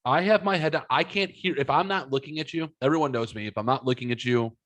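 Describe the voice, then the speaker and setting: A man's voice: medium pitch, fast talker, fairly bright tone. A man hosting a podcast, telling rambling stories with lots of swearing. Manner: profane, rambling storyteller. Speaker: podcast host. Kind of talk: casual chat.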